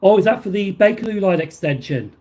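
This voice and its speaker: A man's voice: high-pitched, animated, a little fast, a little mellow. A man hosting a casual livestream, reading viewer messages aloud and answering them in a rambling, filler-heavy way. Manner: rambling, with many fillers and restarts. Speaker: livestream host.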